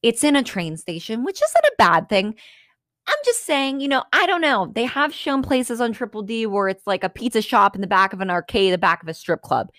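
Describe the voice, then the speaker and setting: A young adult woman hosting a podcast, telling a story in a casual, animated way with sarcastic, swearing asides. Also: on the high side, fairly quick, no room sound, clean studio sound. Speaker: podcast host.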